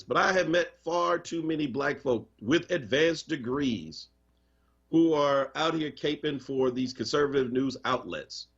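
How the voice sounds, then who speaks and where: A man's voice: a little high, husky. A man hosting a live radio talk show, speaking in an impassioned, conversational and emphatic way. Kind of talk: live radio talk, reading listener comments. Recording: muffled radio stream.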